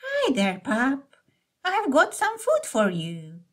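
A woman's voice: high-pitched, wildly swooping pitch, slow, a bit bright, pitched above the performer's own voice, exaggerated voice. A woman voicing a kindly old woman who feeds stray dogs, speaking in a sweet, coaxing way.

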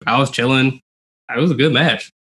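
A man co-hosting a casual podcast, animated and acting out quotes as he talks. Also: medium pitch, normal speed, husky. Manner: animated, acts out quotes in raised voice. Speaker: podcast co-host. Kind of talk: casual podcast review chat.

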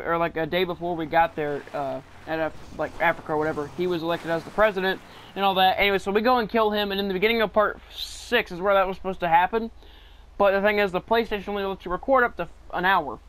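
Rambling young-sounding man, high voice. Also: fairly bright tone, clear, resonant tone. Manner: rambling, many fillers and restarts. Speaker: gaming channel host. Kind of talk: casual gameplay commentary.

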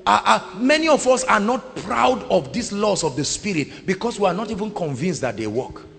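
Booming Nigerian preacher in a reverberant hall. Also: male voice, animated, moderate pace, creaky, husky. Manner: booming, swings from quiet to shouting. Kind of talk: sermon.

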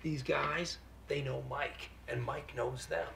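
A sleazy, wisecracking crooked lawyer in a TV crime drama. He rattles off his pitch in a glib, salesman's patter. The voice has a gravelly grain, and faint hiss sits under it. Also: fairly even intonation, slow, fairly bright tone, exaggerated voice. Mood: scheming. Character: fast-talking sleazy adult male criminal lawyer. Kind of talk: TV drama clip played in a reaction video.

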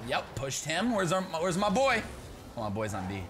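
An excitable young man talks his way through a match, his pitch swinging widely between low mutters and loud, high shouts. Steady background noise sits under his voice. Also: normal speed. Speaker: gaming YouTuber. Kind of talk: live gameplay commentary.

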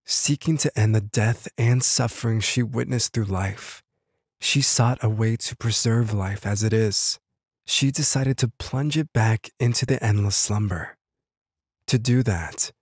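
A man with a lowish voice narrates a scripted mythic legend. His delivery is slow and measured, like a storyteller's. The recording is dry and close, with no room sound. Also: no room sound. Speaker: narrator of a lore video.

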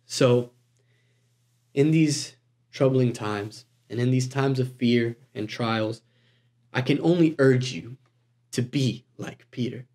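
A man preaching a sermon in a conversational, animated way, with casual asides to the congregation. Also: mid-range voice, takes it slowly, pauses often. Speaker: guest preacher.

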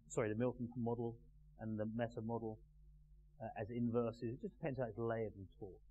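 A man teaching a live class in a measured, emphatic way, pausing and putting questions to the group. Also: medium pitch. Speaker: NLP trainer. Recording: tinny phone-like sound with faint hum.

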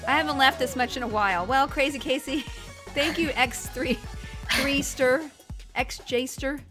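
High, lively woman gaming with music behind. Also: unhurried. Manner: shouts and laughs while cheering a friend on. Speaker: streamer playing a party game. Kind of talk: excited gaming chat. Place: home streaming setup. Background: game music.

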